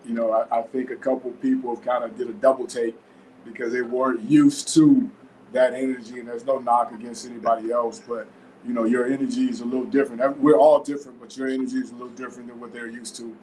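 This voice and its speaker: Male podcast host from Florida, relaxed conversational delivery, mid-pitched voice, faint background hiss. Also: quick pace, poor audio. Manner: laid-back, frequent fillers like "man" and "you know". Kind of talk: casual podcast interview.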